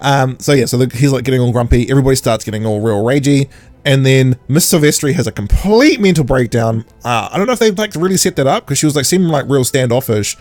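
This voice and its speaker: Lively-voiced man chatting on a podcast. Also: medium pitch, no echo. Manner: animated, laughs often, slips into quick mock voices. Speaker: podcast host. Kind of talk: casual chat recapping an episode.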